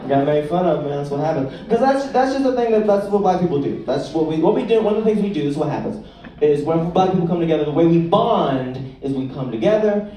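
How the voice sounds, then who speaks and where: A man doing a live stand-up set on a comedy club stage, crude and animated, laughing at his own jokes. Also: a little high, fast, a little hiss or hum. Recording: echoey club taped from far off, loud crowd. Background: audience laughter.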